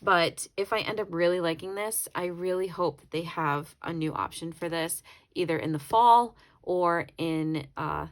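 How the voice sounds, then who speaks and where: A woman's voice: fairly low pitch, a little slow. A woman talking casually through a planner flip-through, rambling and correcting herself as she goes. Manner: chatty, rambling, self-correcting. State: briefly tearful. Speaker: planner YouTuber.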